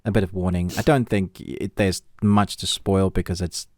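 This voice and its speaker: A man's voice: sits low, normal speed, no room sound, studio quality. A man co-hosting a podcast, chatting casually about a series and easily drifting into side topics. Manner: relaxed, wanders into tangents. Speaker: podcast co-host. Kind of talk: casual film review chat.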